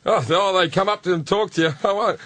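Appearing as a guest comedian, a high-voiced man rattles off crude stories in loose podcast banter at a quick pace. He is animated throughout and laughs along as he tells them.

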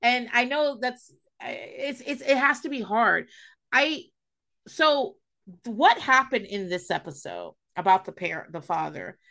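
Woman co-host, bright forceful tone, candid and profane, casual chat. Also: on the high side, expressive, unhurried, vocal fry. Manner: candid, swearing, laughing storyteller. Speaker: podcast co-host. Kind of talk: casual chat recapping a TV show.

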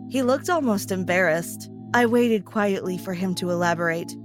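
A woman narrating a scripted first-person story in a calm, even way. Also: mid-range voice, normal speed, soft background music.

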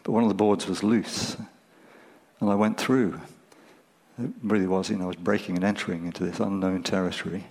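An older man from England, a folk musician, telling stories in a relaxed, reflective way with many fillers. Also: low voice, poor audio. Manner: unhurried, thoughtful, with frequent fillers. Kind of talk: reflective conversational storytelling.

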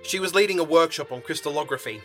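An actor playing a whiny, self-absorbed scientist in a comedy audio drama. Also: male voice, a little high, fast, fairly bright tone, faint music behind, natural voice. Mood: self-pitying. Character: self-pitying widowed scientist, Simon.

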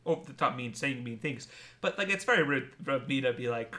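A person talking through a confession in a casual chat, hesitant and full of fillers and restarts. The voice is bright and crisp at a middling pitch. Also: expressive, fairly quick. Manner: hesitant, many fillers and self-corrections.

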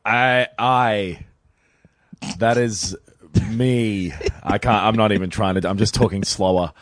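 A young man rambles in a relaxed way as a podcast guest, swearing now and then. His voice is low for a man. The sound is dry and close. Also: takes it slowly, dry recording. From Australia. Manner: rambling, laid-back, swearing. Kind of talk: casual remote chat.

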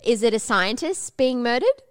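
A young woman co-hosting a podcast in brash casual chat, swearing freely and jumping up in pitch for effect. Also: very animated, normal speed, clear, resonant tone, no room sound. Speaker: podcast co-host.

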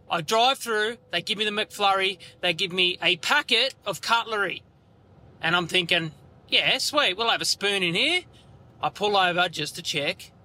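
A man's voice: high voice, bright, forceful tone. An Australian man calling in to tell an indignant, swearing story. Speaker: caller. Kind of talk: phoned-in storytelling.

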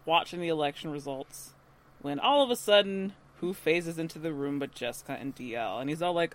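A woman's voice: deep voice, expressive, normal speed, fairly bright tone. A woman co-hosting a podcast, animatedly retelling a TV episode and laughing often. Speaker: podcast co-host. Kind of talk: casual episode recap.

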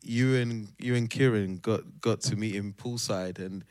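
A man co-hosting a podcast in relaxed casual chat who hands topics to the others. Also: on the low side, measured pace, clean tone, dry recording. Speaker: podcast co-host.

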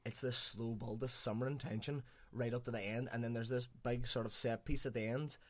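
A man's voice: medium pitch, fairly even intonation, a little fast. A man chatting casually on a podcast, enthusiastic and swearing now and then. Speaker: podcast co-host reviewing films. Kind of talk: casual chat.

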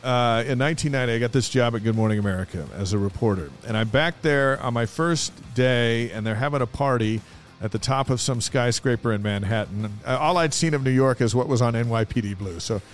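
A man co-hosting a casual sports podcast, telling anecdotes in a lively way. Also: medium pitch, fairly quick. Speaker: podcast co-host. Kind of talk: casual sports chat and storytelling.

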